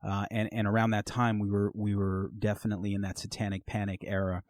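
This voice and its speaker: A man with a low voice hosts a podcast from home over the phone. He tells stories in an animated way, swearing freely and laughing mid-sentence. The sound is dry, with no room echo. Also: fast talker. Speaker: podcast host. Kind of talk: casual phone conversation. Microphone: phone call.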